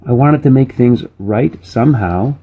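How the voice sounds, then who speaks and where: A man's voice: mid-range voice, measured pace, dark tone, husky, voice pushed up. A man reading aloud, voicing a worried, loving mother with a pleading, emotional delivery.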